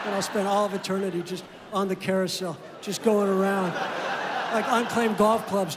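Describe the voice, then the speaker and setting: A man performing a stand-up comedy set, telling deadpan stories and acting out both sides of phone calls. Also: sits high. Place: comedy club stage. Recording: live club recording with long reverb and room noise. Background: audience laughter and room ambience.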